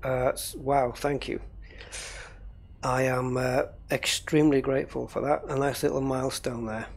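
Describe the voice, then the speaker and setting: A man's voice: mid-range voice, little pitch movement, moderate pace, gravelly. A man running a gaming livestream, rambling casually and thinking aloud while he troubleshoots.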